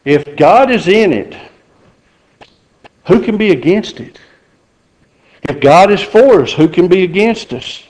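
A man's voice: high-pitched, animated, slow pace, long pauses, a little mellow, rough recording. A middle-aged man preaching a sermon in a folksy, joking way. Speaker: pastor.

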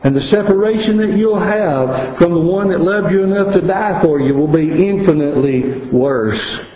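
A man preaching a sermon, earnest, dropping to quiet asides and rising to stress warnings. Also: sits high, normal speed, roomy sound, lo-fi sound.

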